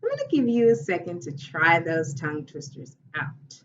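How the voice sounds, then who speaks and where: A woman theatre teacher giving a lesson in a slow, deliberate, instructive way. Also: lowish voice, wildly swooping pitch. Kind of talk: recorded classroom lesson. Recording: dull, distant recording with faint hiss.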